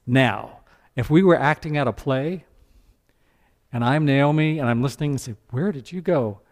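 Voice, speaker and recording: A man preaching a sermon as pastor, animated, breaking into character voices. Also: medium pitch, normal speed.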